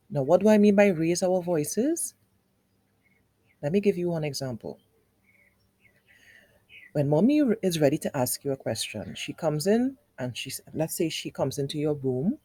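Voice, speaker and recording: A woman's voice: deep voice, warm tone, no echo. A woman teacher giving a lesson to young children. She speaks directly to them, step by step and with repetition, using exaggerated, sing-song intonation. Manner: patient, explains step by step with repetition.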